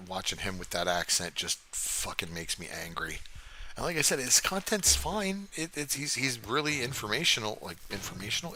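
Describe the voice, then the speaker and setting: Deep-voiced older man, profane and rambling. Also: bright, forceful tone, a little hiss or hum. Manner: rambling, profane, chatty, reads and answers chat. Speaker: gaming livestream host. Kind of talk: casual livestream chat while playing. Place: home desk.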